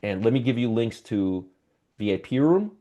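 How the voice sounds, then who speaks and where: A middle-aged man hosting a live stock market show, talking straight to viewers, joking and getting excited about the numbers. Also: mid-range voice, normal speed.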